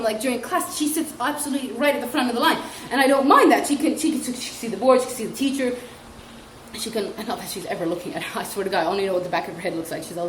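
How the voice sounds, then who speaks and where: A young woman with a high voice rants about her teaching job in a casual comedy vlog. She giggles often and acts out what the children say in a mocking way. The room has a lot of echo, with faint noise behind her. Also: racing. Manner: giggly, mocking, animated storytelling with acted-out quotes. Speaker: vlogger and ESL teacher.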